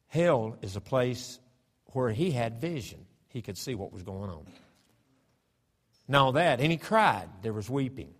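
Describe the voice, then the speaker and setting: A man preaching a sermon as pastor, with a fervent, emphatic delivery that swells into loud declarations. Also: medium pitch, very animated, unhurried, slightly rough, big-room sound. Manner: starts with a hushed prayer, then builds to loud fervent preaching. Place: church sanctuary.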